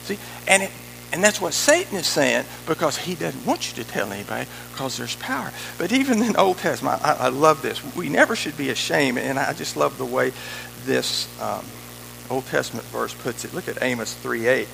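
A man preaching a sermon in an animated, emphatic way, with conversational asides to his congregation. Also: mid-range voice, fairly quick, creaky, a little hiss or hum, poor audio.

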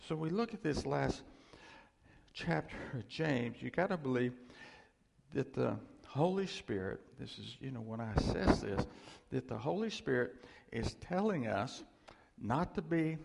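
A man's voice: medium pitch, a little mellow. A man giving an informal, conversational sermon as preacher, rambling and restarting often. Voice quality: gravelly, breathy. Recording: long hall reverb.

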